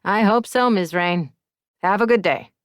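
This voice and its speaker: A woman's voice: medium pitch, unhurried, clear, resonant tone, dry recording, studio quality, natural voice. Woman doing a firm, apologetic landlord. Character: polite male landlord on the phone.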